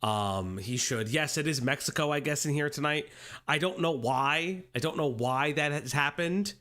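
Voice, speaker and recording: Man streaming from home, playful sing-song host, bright sharp voice, slightly high, faint music behind. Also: moderate pace. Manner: playful, sing-song greetings, rambling asides to chat. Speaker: livestream commentary host. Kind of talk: casual livestream chat. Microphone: desk microphone.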